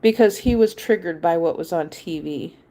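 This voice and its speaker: A woman's voice: lowish voice, normal speed, warm tone. A woman hosting a livestream, telling a personal story in a rambling, emphatic way and repeating her points. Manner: acts out quoted voices. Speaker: livestream host. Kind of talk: casual personal monologue.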